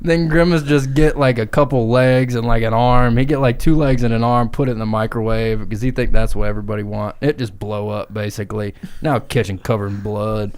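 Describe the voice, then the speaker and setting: A man's voice: mid-range voice, fairly even intonation, fairly quick, few pauses, a little mellow, smooth. A man co-hosting a podcast, improvising a rambling, profane comic story and laughing through it. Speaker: podcast co-host.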